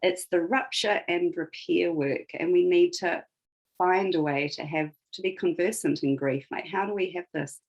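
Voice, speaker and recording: A woman's voice: on the low side, steady tone, moderate pace, highs cut off. A woman guest on a podcast, reflectively retelling a fairy tale and tying it to the present. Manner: reflective, retells a story with emphasis. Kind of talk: conversational podcast storytelling.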